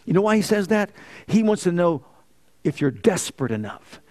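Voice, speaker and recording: A man's voice: sits high, sing-song, normal speed, a little mellow. A male pastor preaching a fervent sermon full of rhetorical questions and exclamations.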